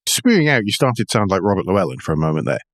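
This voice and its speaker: A man's voice: sits low, lively intonation, very fast, creaky, fairly bright tone, dry recording, clean studio sound. A man hosting a car news podcast, joking and teasing his co-host. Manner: teasing, jokey. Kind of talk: casual chat about car news.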